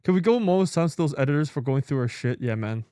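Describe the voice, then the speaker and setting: A male streamer chatting casually with viewers, excitable and swearing often with lots of exclamations. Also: on the high side, fast, clean tone, no echo, clean studio sound. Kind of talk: casual live-stream chat.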